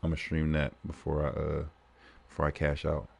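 A man streaming games, telling stories in a profane, animated way and laughing often between lines. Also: extremely low pitch, a little fast, vocal fry, breathy edge. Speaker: gaming livestreamer. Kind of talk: casual livestream commentary.

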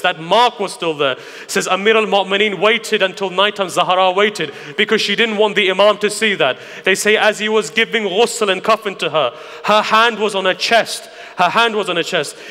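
A man preaching a grieving, impassioned mourning sermon, moving from hushed asides to loud lament in a large hall. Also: high-pitched. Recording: long hall reverb.

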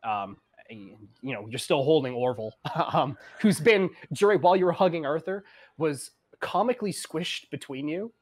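Relaxed male game master from Canada who laughs a lot. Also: fairly high pitch, moderate pace. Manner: laughs often, loose. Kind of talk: narrating a tabletop game.

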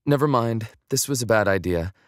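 A man's voice: mid-range voice, animated, brisk, dry recording, studio quality, pitched above the performer's own voice, close to an everyday voice. A man voicing a flustered young woman. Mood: earnest. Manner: blurting, nervous. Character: young woman, a candid, self-conscious college student.

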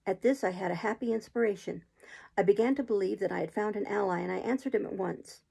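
A woman reading a classic adventure novel aloud as an audiobook in a steady, unhurried storytelling manner. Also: medium pitch, creaky, breathy edge, rough recording. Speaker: audiobook reader.

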